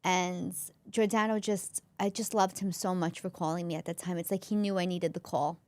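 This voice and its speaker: A woman's voice: lowish voice, fairly even intonation, moderate pace, darkish tone. A woman, a comedian and former school counselor, telling a personal story as a podcast guest in an earnest, emotional way, often restarting her sentences.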